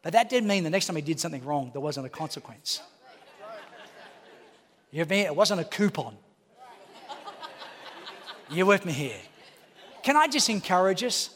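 A man, preaching a lively sermon with jokes and acted-out voices. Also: fairly high pitch, normal speed, long pauses. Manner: animated, acts out voices, jokes with the congregation. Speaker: pastor. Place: church auditorium. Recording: preaching in a reverberant hall.

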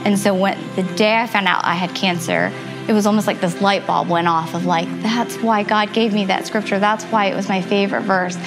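A woman in her thirties telling her personal faith testimony earnestly and reflectively, with soft laughs. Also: mid-range voice, steady tone, fairly quick. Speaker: testimony guest. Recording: music playing underneath.

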